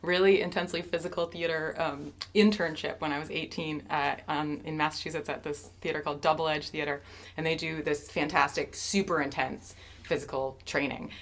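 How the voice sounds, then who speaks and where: A woman from the cast sharing a story in an interview in a measured, relaxed way. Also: low voice. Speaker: cast member. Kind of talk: casual anecdote.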